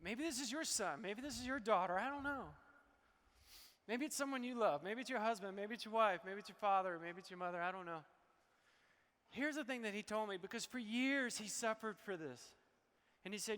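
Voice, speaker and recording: Man, motivational stage speaker, emotional; high, bright, forceful voice in a reverberant hall. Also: a little fast. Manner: emotional, preachy motivational delivery. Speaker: health speaker presenting to an audience. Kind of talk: live stage presentation.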